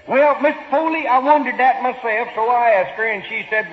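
A man's voice: extremely high pitch, normal speed. A man doing jokey, drawling stand-up storytelling on a live radio show. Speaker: comedian. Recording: lo-fi 1950s radio broadcast in an echoey hall.

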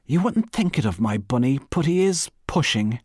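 A man's voice: mid-range voice, big pitch swings, normal speed, darkish tone, slightly rough, dry recording, studio quality, voice pushed up. A man reading aloud voices a proud, talkative middle-aged wife in a raised, chattering, indignant voice. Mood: comfortable chatty.

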